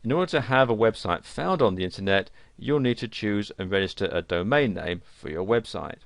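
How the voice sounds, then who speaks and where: Man, lowish gravelly voice, dry close sound, for tutorial narration. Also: lively intonation, a little fast, no echo. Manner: plain explanatory delivery with fillers. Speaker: course instructor. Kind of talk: screen-recorded tutorial narration.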